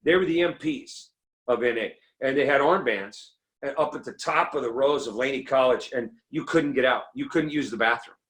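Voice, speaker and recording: Animated middle-aged man telling jokey stories. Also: moderate pace. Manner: animated storyteller, acts out quotes in a higher voice. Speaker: recovery meeting speaker. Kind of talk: comedic recovery talk.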